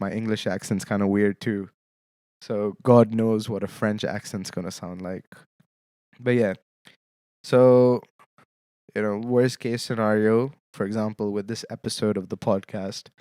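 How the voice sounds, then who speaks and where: Young male podcast host, casual joking chat, low pitch, smooth clean voice, dry close sound. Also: darkish tone, no room sound. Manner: casual, joking, often checks in with "okay?". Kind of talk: solo podcast talk.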